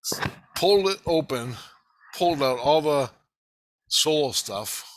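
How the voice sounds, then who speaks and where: A man telling a rambling, profane story in a casual monologue, laughing and animated as he retells it. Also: a little high, slow.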